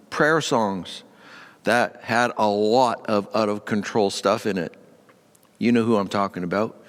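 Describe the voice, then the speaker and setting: A man speaking as a pastor, earnest and conversational, in a mid-range voice. His words hang in a long, lingering reverb, as if spoken in a large hall. He lifts his voice as he presses a point home. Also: mid-range voice. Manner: earnest, conversational, rising with emphasis on feelings. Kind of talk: short devotional talk to camera.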